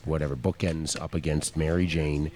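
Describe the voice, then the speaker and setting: A man's voice: rumbling low, flat delivery, normal speed, darkish tone. A man co-hosting a casual talk show, dry and joking as he plans trips aloud. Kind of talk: casual chat.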